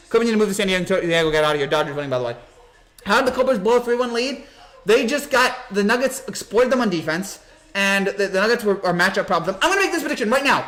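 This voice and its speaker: A young man hosting a postgame basketball reaction stream, talking in an excited, hyped-up way and reading out reactions. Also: high voice. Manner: excited, rapid, hyped-up sports talk. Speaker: sports commentary host.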